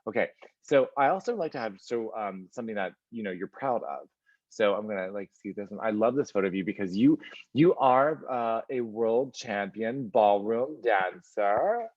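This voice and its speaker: A man's voice: on the low side, lively intonation, moderate pace, darkish tone, dry recording, muffled recording. A man hosting a casual video call interview, playful and gushing, easily sidetracked.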